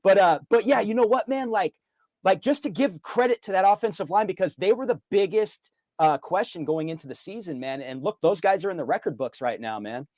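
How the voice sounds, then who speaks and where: A man's voice: high-pitched, lively intonation, brisk, darkish tone, no room sound. A man co-hosting a casual sports talk show, rambling with lots of fillers. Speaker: co-host. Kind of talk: casual sports podcast chat.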